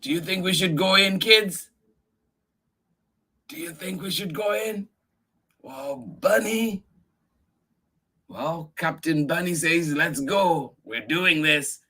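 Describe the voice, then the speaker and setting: A man's voice: sits high, slow, long pauses, bright, forceful tone. A man hosting story time, reading a picture book aloud to children with lots of exclaiming and questions to the kids. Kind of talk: animated read-aloud for kids.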